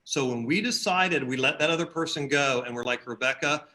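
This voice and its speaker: A man's voice: a little high, fairly quick. A man guesting on a podcast, chatting casually and telling stories with acted-out quotes. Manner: storytelling, acts out quotes in animated voices. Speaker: podcast guest, team leader. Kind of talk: casual chat.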